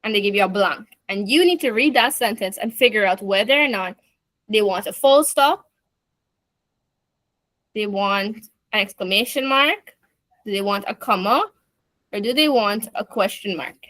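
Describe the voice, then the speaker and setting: A woman's voice: medium pitch, normal speed, pauses often, a bit bright, no room sound. A woman teaching an online class, explaining step by step with chatty asides.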